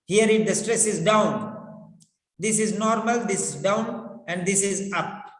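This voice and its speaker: Male pronunciation teacher, slow and high-pitched, drilling words by repetition, long echoing reverb. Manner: deliberate, repeats words over and over to drill them. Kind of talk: classroom lecture with repetition drills. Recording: echoey room with long reverb.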